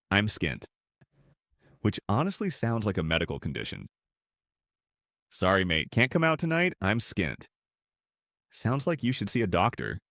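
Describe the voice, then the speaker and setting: Lively, wry male explainer narrator. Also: lowish voice, no echo, studio quality. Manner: wry, playful, punchy delivery. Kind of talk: scripted comedic narration.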